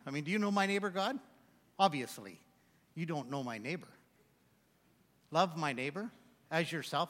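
A man's voice: on the high side, moderate pace, long pauses, a bit bright. A man preaching a sermon, mixing scripture readings with joking, self-mocking asides. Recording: long hall reverb.

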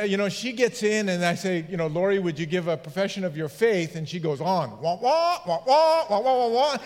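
High-voiced pastor telling jokes. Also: male voice, slight background noise. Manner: jokey storyteller who laughs at his own anecdotes. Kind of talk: humorous sermon storytelling. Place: church sanctuary. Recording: long hall reverb.

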